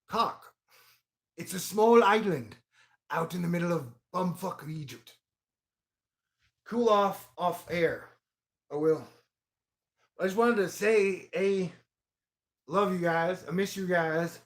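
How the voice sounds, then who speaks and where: Male vlogger, high voice, profane rambling monologue with loud outbursts. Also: slow, pauses often. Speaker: video blogger.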